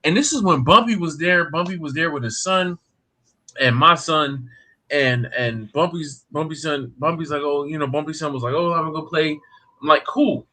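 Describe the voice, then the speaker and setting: Male host, casual storyteller; bright, fairly high voice; acts out the voices of people in his stories. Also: moderate pace. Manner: repeats and restarts words as he talks. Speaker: barbecue cook and show host. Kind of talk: casual storytelling on a live group call.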